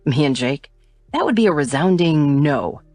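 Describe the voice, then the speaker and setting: A playful young man who teases his old friend, as a woman narrator voices him in an audiobook. Low, light and close to the mic, with faint music behind. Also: animated, moderate pace, darkish tone, no room sound. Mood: teasing.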